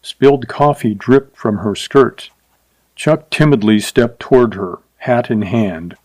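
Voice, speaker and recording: Male story narrator, mid pitch, dry close sound, steady delivery. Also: slow, no echo, poor audio. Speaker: narrator reading a short story. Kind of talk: scripted audiobook narration.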